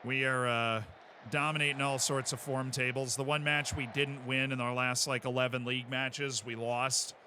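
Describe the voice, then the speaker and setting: A man streaming a football management game, chatting and excitedly calling the plays as they happen. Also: mid-range voice, moderate pace, a little hiss or hum. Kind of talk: live game commentary.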